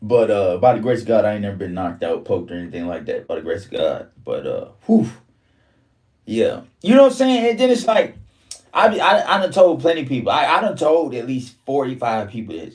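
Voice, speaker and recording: Dude telling a wild story, swears a lot, voice all over the place, sounds a bit far from the mic. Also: male voice, fairly quick. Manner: animated, profane street talk, jumps high when quoting himself. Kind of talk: casual storytelling.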